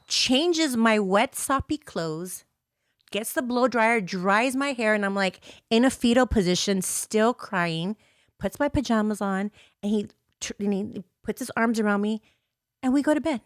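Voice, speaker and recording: A woman's voice: fairly high pitch, normal speed, no echo, studio quality. A woman hosting a podcast, telling a painful personal story candidly and with strong emotion, swearing freely and acting out quoted lines. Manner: acts out quoted lines in changed voices. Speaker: podcast host.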